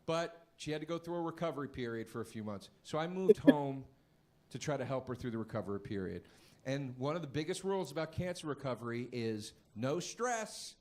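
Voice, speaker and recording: A man doing a stand-up routine, telling a story animatedly and jumping into high yelling voices. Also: lively intonation, brisk. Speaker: stand-up comedian.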